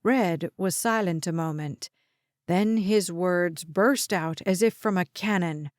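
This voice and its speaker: Slow, dry-voiced woman narrating an audiobook. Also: mid-range voice, dry recording. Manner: slow, even storytelling. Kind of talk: scripted narration.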